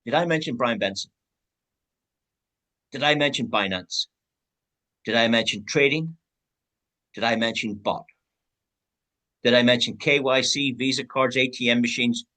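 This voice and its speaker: A man's voice: mid-range voice, measured pace, pauses often, bright, forceful tone, low-quality recording. A man giving a team sales training talk, acting out both sides of example conversations.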